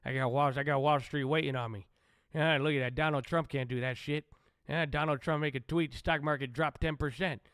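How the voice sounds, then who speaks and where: A man's voice: fairly high pitch, fairly even intonation, fairly quick, a bit bright, clean tone, dry recording, studio quality, close to an everyday voice. A man doing a comic impression of a boastful older male president, rambling and swearing as he repeats himself. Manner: rambling, repetitive, profane boasting. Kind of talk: comic impression on a live stream.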